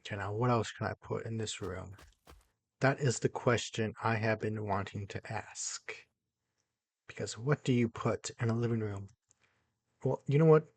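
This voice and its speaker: A young man giving casual commentary as he builds in a video game, excitable, muttering to himself and then bursting into loud exclamations. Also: fairly low pitch, moderate pace, gravelly, slightly rough, dry recording. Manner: excitable, talks to himself while building, jumps between mumbling and loud exclamations. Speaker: gaming YouTuber.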